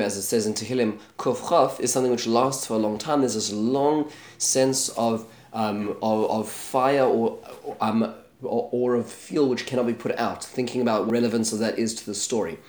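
A man's voice: medium pitch, darkish tone. Man teaching a Bible lesson in a roomy space. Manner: storytelling, briefly acting out the characters' lines; mixes Hebrew terms and verses into English explanation.

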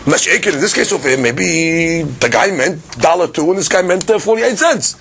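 Lively man teaching a Talmud class. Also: fairly high pitch, moderate pace, vocal fry, husky. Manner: acts out both sides of the argument, many restarts; mixes Hebrew and Aramaic terms into English.

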